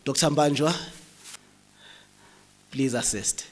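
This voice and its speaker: Hoarse south african guy chairing a uni research day, jokey, relaxed. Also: medium pitch, slow. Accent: South African English. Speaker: session chair. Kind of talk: chairing an academic conference session. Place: university lecture hall.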